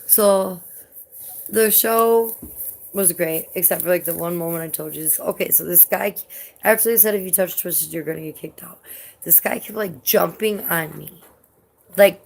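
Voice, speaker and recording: A woman's voice: on the low side, steady tone, normal speed, gravelly. A young woman vlogger telling a story in a rambling, casual way, filling her talk with "like" and swearing freely. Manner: rambling, heavy use of "like", swears often.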